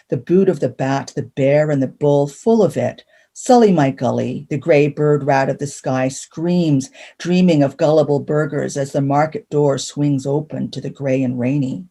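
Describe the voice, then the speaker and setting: A woman from Canada giving a measured, rhythmic reading of her own poetry. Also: low voice, dark tone. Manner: rhythmic, measured delivery of punning verse. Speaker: poet.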